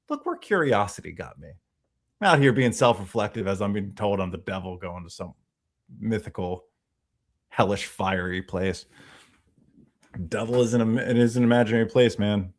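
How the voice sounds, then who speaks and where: A man's voice: lowish voice, normal speed, pauses often. A man hosting a live stream, talking in a reflective, easygoing way and swearing casually. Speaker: podcast host.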